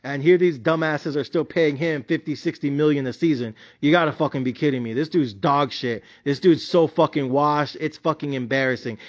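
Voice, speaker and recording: Profane, high-voiced man ranting about bets. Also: muffled recording. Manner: blunt, profane, slangy and animated. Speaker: sports betting commentator. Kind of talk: profane sports betting rant.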